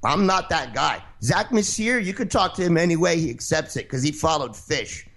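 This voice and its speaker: Gravelly high-voiced man arguing heatedly. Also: lively intonation, normal speed, fairly bright tone. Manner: defensive, interrupting, swearing, keeps asking to finish. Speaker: show host arguing with a caller. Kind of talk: heated call-in radio argument.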